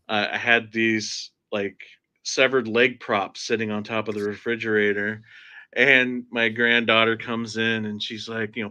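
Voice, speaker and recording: A man's voice: on the low side, bright, forceful tone, clear, resonant tone. A man, grandfather with a teenage son, hosting a casual livestream chat and telling playful stories. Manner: storytelling, playful, chuckles. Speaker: host.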